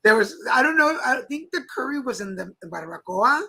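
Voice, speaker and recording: A man's voice: very high-pitched, sing-song, fairly quick, creaky, sharp tone, rough recording. A man co-hosting a talk show, telling stories in a playful, chatty way with frequent laughs. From Mexico. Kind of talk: casual chat. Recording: live stream with faint background noise.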